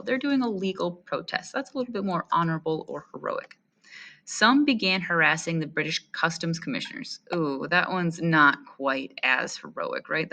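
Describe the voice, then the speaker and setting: A woman reads a history text aloud to a class, stopping often to comment and ask friendly rhetorical questions. Her voice sits a little low, yet it has a bright, forward edge. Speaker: teacher. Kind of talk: read-aloud history lesson.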